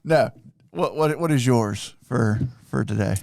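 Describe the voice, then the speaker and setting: A man co-hosting a hunting podcast in casual banter. He teases his partner with quick, joking remarks. His mid-pitched voice is recorded close and dry. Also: gravelly, a little mellow, dry recording. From North Carolina, US. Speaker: podcast co-host. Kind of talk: casual chat.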